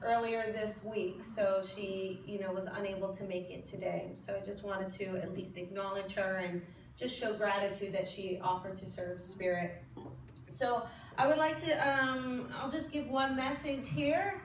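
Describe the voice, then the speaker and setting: In the echoey hall of a spiritual service, captured from a distance with a little hiss or hum, a woman delivers a live reading as a medium. Her somewhat high voice moves a little slowly as she chats, laughs, and questions the audience.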